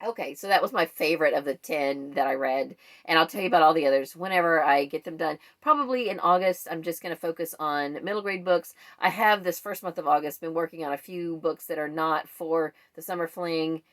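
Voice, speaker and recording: Woman, lower-pitched voice, rambling talk with restarts; casual book vlogger. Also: brisk, hardly any pauses. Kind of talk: casual book wrap-up chat.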